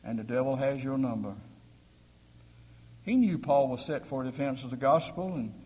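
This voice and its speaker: A man's voice: mid-range voice, expressive, normal speed, mellow, slightly rough. A man preaching a sermon, building to emphatic peaks and putting questions to his congregation. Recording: long hall reverb.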